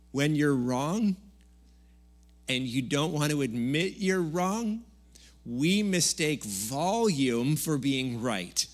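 A man preaching a Sunday church sermon in a conversational, jokey way, now and then raising his voice. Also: medium pitch. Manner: conversational, jokey preaching with sudden loud bursts. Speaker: pastor. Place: church service.

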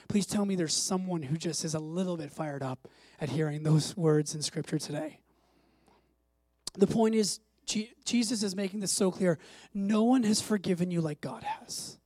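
An emphatic preacher delivers a sermon in a middle-pitched voice, dropping soft and then climbing to loud, urgent stretches. The sound is dry and close, with no room echo. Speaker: pastor.

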